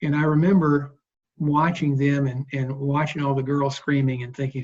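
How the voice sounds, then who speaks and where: A man in his sixties, a guest bass player, telling stories in an interview in a relaxed, rambling way. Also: moderate pace, muffled recording. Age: 60s. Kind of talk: interview storytelling.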